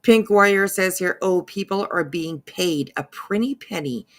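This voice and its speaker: A woman co-host with a lowish voice, talking slowly and deliberately. She drops sarcastic asides in a casual chat. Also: no room sound. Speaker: commentary co-host.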